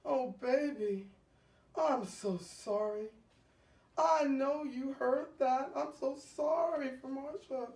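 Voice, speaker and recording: A man's voice: very high voice, slow, a little mellow, exaggerated voice. A woman playing a stammering husband who begs his wife in a coma to come back to him. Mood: pleading. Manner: stammering and begging. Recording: echoey room from far off.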